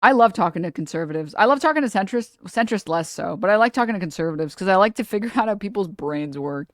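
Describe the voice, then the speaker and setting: Talking fast and animated in a mid-range voice, a woman streamer delivers a casual political rant to her chat, often breaking into laughter mid-sentence. She sounds blunt, sarcastic and profane. The studio-quality audio has no room sound.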